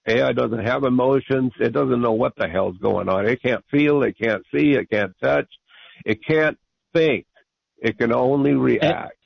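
Gravelly, insistent male radio caller. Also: mid-range voice, a little slow, no room sound. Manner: argumentative, insistent, repeats himself. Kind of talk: call-in radio debate. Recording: muffled radio broadcast.

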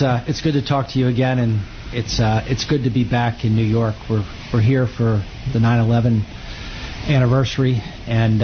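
A government official answers questions in a taped studio interview, measured and earnest. A clear hiss runs behind his voice. The audio sounds dull. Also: mid-range voice.

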